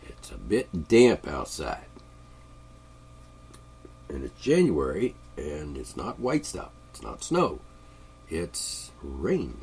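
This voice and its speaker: A man's voice: rumbling low, wildly swooping pitch, slow, pauses often, darkish tone, a little hiss or hum. A man with congested sinuses, delivering a sarcastic, rambling political monologue from his studio. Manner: sarcastic, mocking, chuckling. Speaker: podcast host. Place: home studio.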